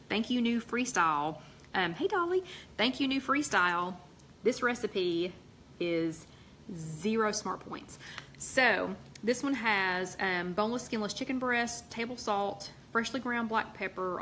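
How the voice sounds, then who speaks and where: A woman's voice: mid-range voice, fairly bright tone, slight background noise. A woman hosting a casual livestream chat, rambling with many ums and reading out viewer comments. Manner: chatty, rambling, with many ums and quick asides. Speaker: host of a weekly weight-loss livestream chat.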